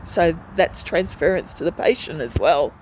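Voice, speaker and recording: A woman's voice: sits low, lively intonation, moderate pace, slight background noise, low-quality recording. A woman speaking in a personal video diary from a hospital ward, retelling in a distressed, pleading way how she has been treated. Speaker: hospital patient vlogger.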